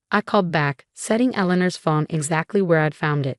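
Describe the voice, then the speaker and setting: Low-voiced woman narrating a story. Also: fairly quick, hardly any pauses, no room sound, studio quality.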